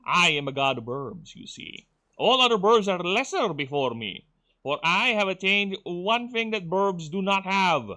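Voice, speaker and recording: A man's voice: sits high, sharp tone, pitched above the performer's own voice, exaggerated voice. A man putting on a grandiose, mock-solemn voice as a self-proclaimed male bird god.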